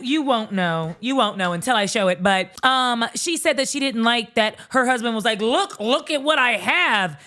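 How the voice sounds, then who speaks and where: Young woman host, chatty recap style; a fairly high voice that jumps up when she acts out the people in the story, laughing often. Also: fairly bright tone. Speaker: commentary host. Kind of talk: casual reality-show commentary.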